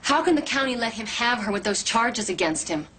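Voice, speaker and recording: An actress plays a tough young female police officer in a TV movie, her voice a little high, bright, and husky, with lively intonation and a brisk pace. The mood is tense as the principled, guarded cop resists pressure with firm, clipped replies.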